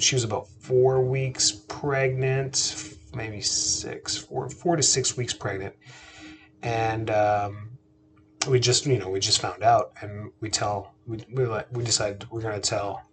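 A podcast host in his thirties tells a personal family story in a relaxed, chatty way, his lowish voice carrying a little hiss or hum. He often restarts sentences and puts rhetorical questions to his listeners.

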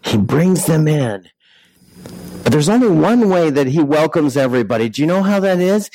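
A man gives a sermon in a relaxed, conversational style. He keeps asking his listeners questions and often starts a sentence over. His voice sits a little high for a man and is recorded close and dry, with almost no room sound. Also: normal speed, dry recording, poor audio. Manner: conversational preaching with rhetorical questions and restarts. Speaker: pastor.

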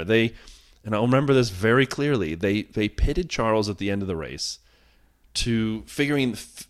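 A man co-hosting a casual sports podcast, telling the story with wry, self-mocking jokes. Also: fairly low pitch. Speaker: podcast co-host.

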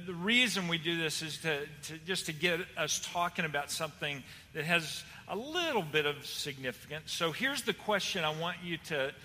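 A man's voice: sits high, sharp tone, long reverb tail. A man with a Texan accent, a pastor preaching to his congregation in a folksy, chatty way with fillers and restarts. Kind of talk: sermon to a congregation.

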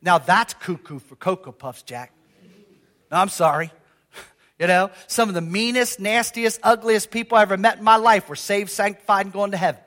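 An older man preaching a sermon as pastor, conversational and lively, calling out questions to the congregation in a church. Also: high voice, moderate pace. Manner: lively, conversational preaching with audience call-outs.

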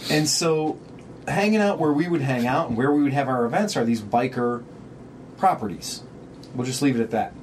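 A man's voice: mid-range voice, darkish tone, a little hiss or hum. A man co-hosting a podcast in casual chat, rambling, sarcastic and swearing freely. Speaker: podcast co-host.

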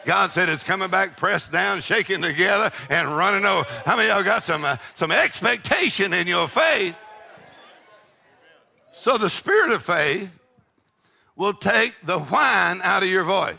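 Older pastor, gravelly bright voice, fiery call-and-response preaching. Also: male voice, sits high, lively intonation, measured pace. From Texas. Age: 60s. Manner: preachy call-and-response with shouted peaks and laughing asides. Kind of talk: sermon.

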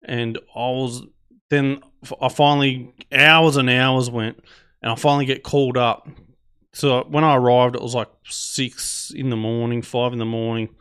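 A man's voice: medium pitch, level tone, moderate pace, a bit bright, smooth. A man with an Australian accent telling a personal story on a podcast in a laid-back, chatty way, swearing freely and using plenty of fillers. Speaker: podcast host. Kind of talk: casual storytelling.

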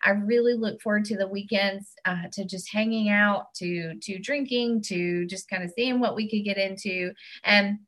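Earnest woman with a bright voice. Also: medium pitch, fairly even intonation, normal speed, hardly any pauses. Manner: earnest and heartfelt, with restarts. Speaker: church member giving testimony. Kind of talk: personal faith testimony.

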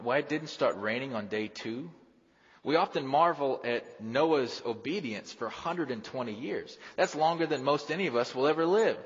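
Man, pastor, sermon, husky voice, dramatic swings, dull lo-fi sound, long church reverb. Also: fairly high pitch. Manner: dramatic, rises and drops sharply, acts out quoted voices. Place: church sanctuary.

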